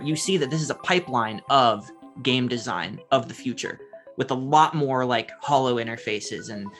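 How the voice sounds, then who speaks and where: Easygoing male game master, mid pitch, chatty descriptions, soft music bed. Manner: casual, descriptive, filler-heavy. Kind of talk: narrating a tabletop game.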